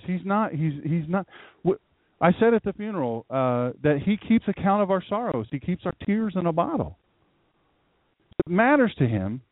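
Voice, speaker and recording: Male pastor, animated sermon delivery with asides to the room, dry tinny phone-quality sound. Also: on the high side, dry recording.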